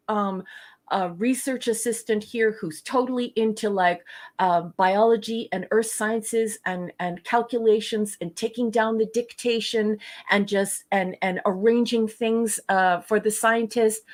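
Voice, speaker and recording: A woman co-hosting a casual podcast, reviewing a TV episode in a gushing, rambling way with many fillers. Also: medium pitch.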